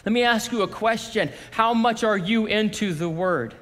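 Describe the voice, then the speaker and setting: A man preaches to his congregation in a loose, conversational way, stepping into quoted voices as he goes. His voice sits high for a man. The sound carries a long reverb from a large hall. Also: normal speed, a bit bright. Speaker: pastor. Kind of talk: sermon.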